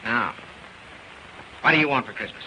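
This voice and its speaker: A man's voice: medium pitch, normal speed, sharp tone. An actor playing a dry, sarcastic wealthy industrialist father in a 1930s film. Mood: wry. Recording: noisy old film soundtrack.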